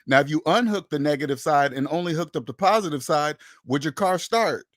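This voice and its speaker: The finance channel host speaks a little fast in an animated, slightly high voice, with studio-quality audio and no room sound. His opinionated address to camera is emphatic and preachy, looping back on phrases and acting out pretend back-and-forth exchanges.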